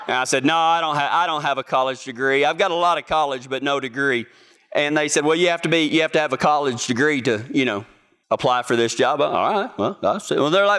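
Young texas guy telling a story, folksy and amused, does the voices, kinda high voice. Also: a little fast, bright, forceful tone, smooth. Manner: folksy, self-amused, acts out the voices in his anecdote. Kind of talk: casual storytelling.

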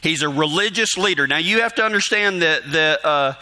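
A man's voice: on the high side, animated, a little fast, pushed and bright. A man preaching, telling a folksy story and chuckling often as he talks. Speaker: pastor. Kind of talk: storytelling sermon.

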